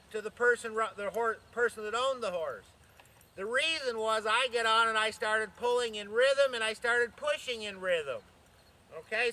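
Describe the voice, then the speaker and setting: A man with an extremely high, sharp-toned voice gives riding instruction from horseback outdoors. He counts strides aloud and checks in with his listeners as he rides.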